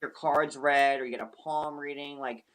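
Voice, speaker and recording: A man hosting a live stream, telling a personal story in an animated, emphatic way with some swearing. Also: on the high side, moderate pace. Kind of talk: casual storytelling.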